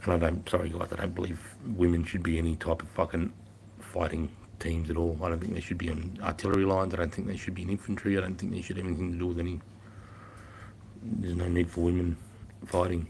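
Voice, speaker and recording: A man's voice: deep voice, little pitch movement, fast talker, creaky, a little mellow, slight background noise. A man, chatting casually to viewers in a blunt, profane storytelling manner. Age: 50s. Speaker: livestreamer and former army instructor.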